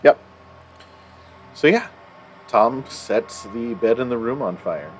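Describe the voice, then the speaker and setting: A man runs a tabletop game in a slow, unhurried voice that rises and falls a lot as he describes the scene. He often laughs and draws out his narration. Faint music plays behind him. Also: mid-range voice. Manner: relaxed, laughing, drawn-out narration. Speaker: game master.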